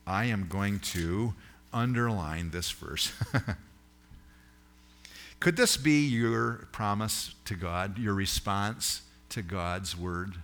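A pastor preaching a sermon to his congregation, earnest, building to emphatic peaks and dropping to quiet, personal asides. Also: on the low side, takes it slowly.

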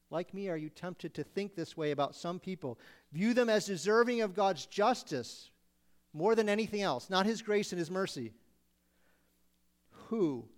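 A man preaching a sermon, acting out pleading voices with sudden loud bursts. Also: sits high.

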